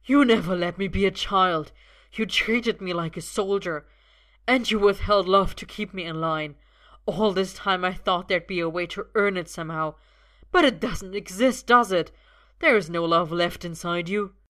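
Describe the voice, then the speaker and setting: Arthur, a desperate young man, shouts at his father through tears, his voice strained and loud in a storybook reading, as a woman puts him on. The voice stays bright and forceful. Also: on the low side, moderate pace, natural voice. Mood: shouting tearful. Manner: shaky, then shouting and tearful.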